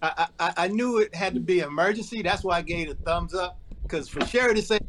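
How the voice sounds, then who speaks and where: A man's voice: high voice, a little fast, background noise. A man filling in as guest co-host on a podcast, making self-deprecating jokes. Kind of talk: casual podcast chat.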